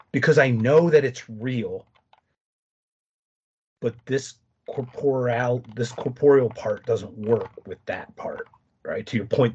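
A man speaking as a podcast guest, telling stories in a lively way with many quick restarts. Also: medium pitch, husky. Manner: animated storytelling, quick restarts. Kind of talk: casual conversation. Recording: dull lo-fi sound.

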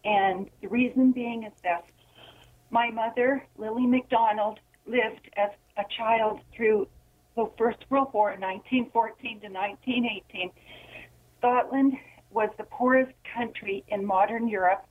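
Distressed, indignant female caller on a husky phone line, near tears. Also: fairly high pitch, fairly even intonation, a little slow. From Ontario. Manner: impassioned, indignant. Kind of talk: call-in radio.

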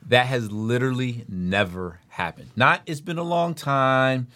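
A man hosting a podcast in a relaxed, joking conversation. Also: mid-range voice, unhurried. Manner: chatty, joking, storytelling asides. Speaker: podcast host. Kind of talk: casual chat.

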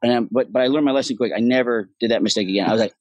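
A husky-voiced man in middle age, chatting loosely as a podcast guest. He tells his stories with energy, swears often and slips into the voices of the people he quotes. The sound is close and dry, with no room around him. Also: mid-range voice, rapid-fire, no echo, dull audio. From Ireland. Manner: animated storytelling, swears freely, acts out quoted voices. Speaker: actor guest. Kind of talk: casual podcast chat.

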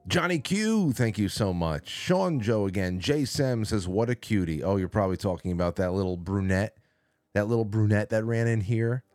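Low voiced guy rambling thru chat names on his call-in stream, faint music behind. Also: expressive, normal speed, a little mellow, no echo. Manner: rambling, reads chat names aloud, swears casually. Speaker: call-in show host. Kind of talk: casual live-stream chat. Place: small studio. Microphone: studio mic.

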